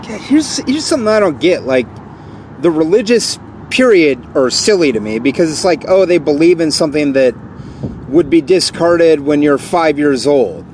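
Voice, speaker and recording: High-voiced man ranting over traffic. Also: expressive, moderate pace. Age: 40s. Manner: repetitive, accusing, escalating into shouted outbursts. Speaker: vlogger. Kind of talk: angry rant to camera.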